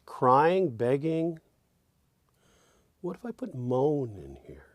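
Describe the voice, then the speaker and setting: Male songwriting teacher, unhurried, thinks aloud, softly sings and hums draft lyrics; dry close sound. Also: medium pitch, big pitch swings, no room sound.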